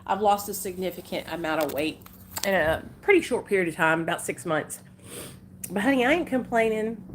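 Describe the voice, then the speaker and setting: A woman's voice: mid-range voice, animated, brisk, slight background noise. A young woman with an Arkansas country accent, chatting casually with viewers on a livestream, folksy and talkative. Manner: chatty, folksy, calls viewers honey and y'all. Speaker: livestream host.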